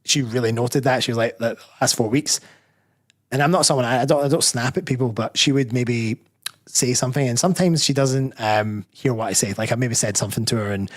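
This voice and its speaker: Speaking fast in a mid-range voice, this Scottish personal trainer is a guest on a casual interview. His talk is reflective and meandering, and he frequently stops to fix what he's saying partway through a sentence.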